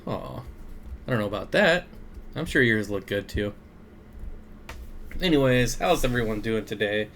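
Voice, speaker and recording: A man's voice: fairly low pitch, lively intonation, a little slow, long pauses, fairly bright tone, slight background noise. A young man hosting a casual aquarium livestream, greeting viewers by name and reading their comments with frequent chuckles. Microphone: desk mic.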